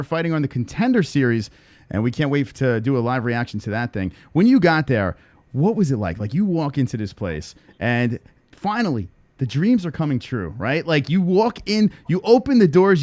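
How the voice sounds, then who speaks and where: Excitable podcast host, dry close sound. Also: male voice, on the high side, normal speed, dry recording. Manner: excitable, hyping the guest. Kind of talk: casual interview.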